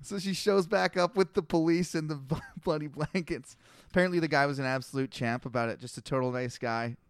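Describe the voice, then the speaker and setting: Young man, comedy podcast co-host, slightly high smooth voice, dry close sound, laughs through his stories. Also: a little fast, no echo. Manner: storytelling, laughing often, acting out quotes. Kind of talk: casual comedic chat, reading scripture aloud.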